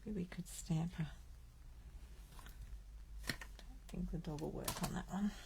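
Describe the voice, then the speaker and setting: A woman's voice: lowish voice, a little slow, creaky, very noisy. A woman from Australia hosting a live card-making stream, chatting and thinking aloud as she works. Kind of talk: live crafting stream chat.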